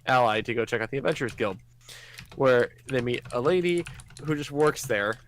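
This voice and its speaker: A man's voice: mid-range voice, expressive, normal speed, slight background noise. A man co-hosting a podcast, recapping an anime episode in a rambling, casual way, acting out the characters' lines. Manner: rambling, lots of "um" and acted-out quotes. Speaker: podcast co-host.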